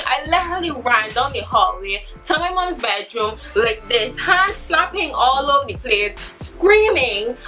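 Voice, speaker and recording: Young woman vlogging a storytime, kinda high voice, sharp and bright, super dramatic and animated. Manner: animated, dramatic retelling with acted-out quotes. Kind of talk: storytime vlog.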